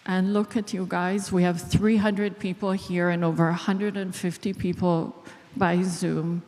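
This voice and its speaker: An Israeli woman, a clinical psychologist, giving a deliberate speech to an audience. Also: fairly low pitch, level tone, a little mellow. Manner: slow, deliberate, emotional at moments. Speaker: clinical psychologist, event organizer. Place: large hall. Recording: long reverb of a large hall.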